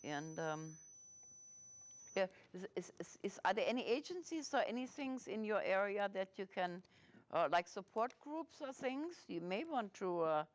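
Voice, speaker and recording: A woman hosting a casual interview in a small TV studio, rambling and halting with many restarts. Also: mid-range voice, big pitch swings. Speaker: host.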